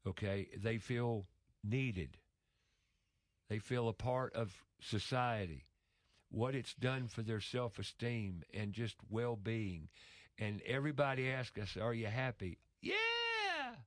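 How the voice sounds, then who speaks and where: A man's voice: fairly low pitch, slow pace, dry recording, clean studio sound. A man speaking in a casual conversation, telling an emotional story earnestly with frequent restarts.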